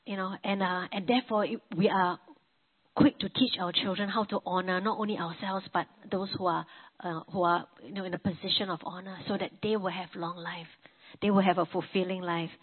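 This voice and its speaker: A woman's voice: on the low side, steady tone, a little fast, breathy edge. Woman preaching over a tinny, phone-like line. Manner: conversational, with frequent "you know" and restarts. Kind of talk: testimony-style sermon. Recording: narrow phone-like sound.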